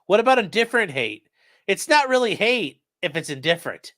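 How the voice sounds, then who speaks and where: Brief: sarcastic male streamer, slightly high, tense bright tone, dry close sound, reads chat and riffs. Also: very animated, a little fast, no echo. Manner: sarcastic, bursts into shouted mock voices. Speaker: streamer reading live chat. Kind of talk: live-stream commentary.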